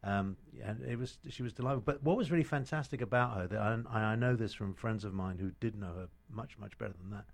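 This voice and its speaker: A man's voice: fairly low pitch, a little fast, gravelly, few pauses. A middle-aged British man, an actor guest, telling stories in casual chat with many restarts and fillers. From Britain.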